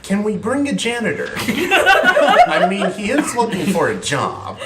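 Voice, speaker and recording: A man's voice: sits high, wildly swooping pitch, a little slow, heavy background noise. A man playing a tabletop game, laid-back and joking, with a roomy echo. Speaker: player. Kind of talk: tabletop role-play. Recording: distant, roomy echo, loud music behind.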